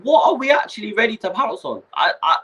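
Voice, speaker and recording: Animated young man ranting. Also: high voice, fast, dull audio. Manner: animated, ranting, swearing, slangy. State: overheated. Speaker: fan channel host. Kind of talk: casual livestream rant.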